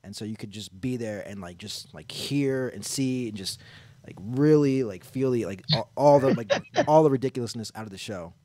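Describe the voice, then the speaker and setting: A man's voice: medium pitch, moderate pace, warm tone, dry recording. A man from Ohio chatting casually on a podcast, rambling with lots of fillers. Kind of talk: casual chat.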